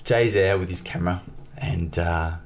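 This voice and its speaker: A man telling a personal story as an interview guest, in a lively way, acting out the dialogue. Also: sits low, normal speed, slight background noise. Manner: lively, acts out dialogue in his stories. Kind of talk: casual storytelling.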